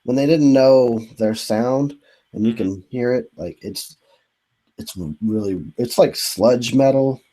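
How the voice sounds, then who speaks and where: A man hosting a casual video hangout, sounding congested from a cold, laid-back and quick to swear and laugh. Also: mid-range voice, dark tone, low-quality recording. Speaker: host of an online video hangout. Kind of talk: casual chat.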